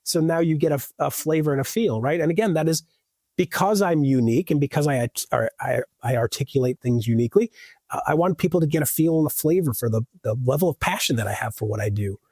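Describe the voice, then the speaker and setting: A man's voice: a little high, fast, darkish tone, dry recording, studio quality. A man talking as a podcast guest in loose, rambling chat, full of restarts and "like".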